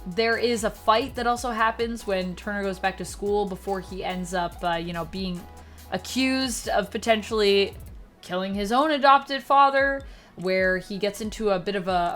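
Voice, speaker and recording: Woman, show reviewer, casual chat, sarcastic, mid pitch, faint background music. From Canada. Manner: chatty and sarcastic, with jumpy pitch and loudness.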